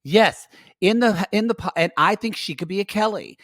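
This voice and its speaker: A man's voice: high-pitched, normal speed, a bit bright, no room sound, clean studio sound. A man co-hosting a podcast, recapping a reality show in casual chat, rambling with restarts and acting out quotes. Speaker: podcast co-host.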